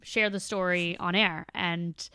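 A young woman in her twenties hosting a podcast, telling a story in a giggly, animated way. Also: lowish voice, measured pace, clear, resonant tone, no room sound, clean studio sound. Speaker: podcast host. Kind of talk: casual chat.

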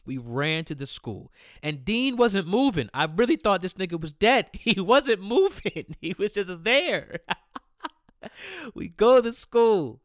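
A man's voice: high-pitched, very animated, takes it slowly, dry recording, clean studio sound. A young man telling funny personal stories in a casual, slangy way, laughing often and repeating himself. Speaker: storyteller. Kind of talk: casual storytelling.

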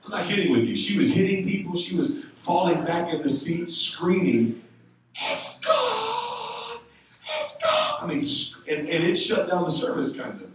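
A man preaching a sermon, telling a story and building to loud shouted exhortation. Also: fairly high pitch, lively intonation, moderate pace, noisy background. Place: church sanctuary. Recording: echoey room, speaker far from the mic.

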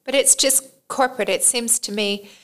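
A woman co-hosting a relaxed podcast conversation, talking it through in a thoughtful, unhurried way. She often restarts her sentences and laughs lightly as she shares her views. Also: on the high side. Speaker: podcast co-host, PR and communications professional. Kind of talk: casual discussion podcast.

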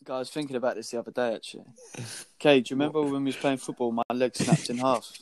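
A man's voice: mid-range voice, steady tone, fast talker, no room sound. A man, a podcast co-host casually telling a laddish, sweary story.

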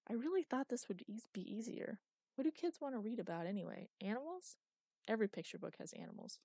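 A woman's voice: fairly high pitch, big pitch swings, fast talker, dark tone, no echo, voice pushed up. A woman voicing a weary middle-aged father with dry, self-mocking humor, wry and grumbling. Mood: frustrated musing.

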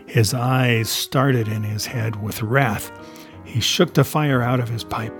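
A man narrating a classic adventure novel in a measured storytelling voice. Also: medium pitch, steady tone, faint music behind. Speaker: audiobook narrator.

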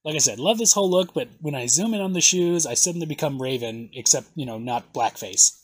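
A man hosting a casual podcast, excitable and swearing now and then as he reads contestant bios aloud. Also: fairly high pitch, fairly quick, slightly rough, dry recording. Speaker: podcast host.

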